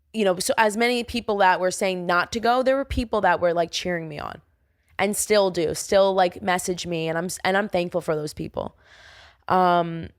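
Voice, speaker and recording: A woman's voice: no echo, studio quality. A young woman from Staten Island, talking casually on her solo podcast and acting out remembered conversations. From Staten Island, New York. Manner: chatty, acts out quoted dialogue with big pitch jumps. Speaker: podcast host.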